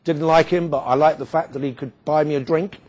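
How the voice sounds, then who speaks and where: A man giving a storytelling speech with wry humour and dramatic pauses. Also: a little high, fairly even intonation, a little mellow, lo-fi sound. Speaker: guest speaker.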